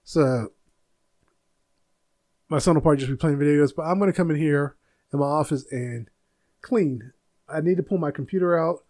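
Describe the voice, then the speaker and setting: A middle-aged man with a mid-range, darkish voice hosts a casual solo podcast from his home office, recorded at studio quality with no room sound. He rambles, gets sidetracked easily, and laughs at his own stories.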